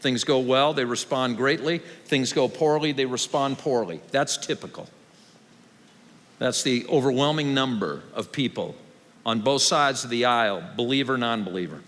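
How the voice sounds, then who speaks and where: A man's voice: mid-range voice, moderate pace, fairly bright tone. A male pastor giving a sermon, conversational and wry, building to raised, emphatic passages. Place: large church hall. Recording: long hall reverb.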